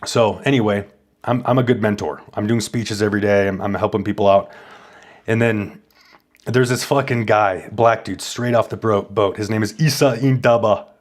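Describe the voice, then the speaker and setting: A man's voice: fairly low pitch, fairly even intonation, moderate pace. Boastful, profane male streamer. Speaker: streamer host. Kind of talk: casual storytelling.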